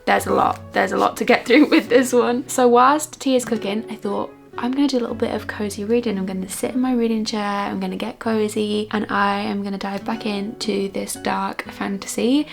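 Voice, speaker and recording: A young woman talks casually to the camera from her cosy home, her voice carrying a gravelly, fry-touched texture. She sounds enthusiastic, then turns hushed and soft when she settles down to read, with gentle guitar playing faintly underneath. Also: mid-range voice, fairly even intonation, moderate pace, few pauses. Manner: chatty and enthusiastic, drops to a soft hush while reading. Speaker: vlogger. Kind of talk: casual vlog chat. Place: cosy home reading corner.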